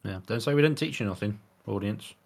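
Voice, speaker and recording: Low-voiced bloke on a podcast, lots of "innit" and "don't they", laughs big. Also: male voice, fairly quick. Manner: tag questions, hearty laughter, rambling. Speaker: podcast co-host. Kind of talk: casual podcast chat.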